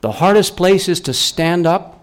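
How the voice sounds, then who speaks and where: In a sermon delivered at a normal speed, a man alternates between raised voice with rising questions and soft, low emphasis, frequently restarting himself and repeating words.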